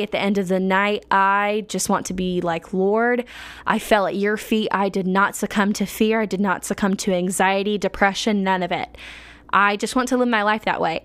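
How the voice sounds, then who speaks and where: A woman's voice: medium pitch, smooth, no echo. A young woman hosting her own podcast, sharing her faith in an earnest, emotional way, laughing often and restarting sentences as she goes. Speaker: podcast host. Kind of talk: casual faith-sharing monologue.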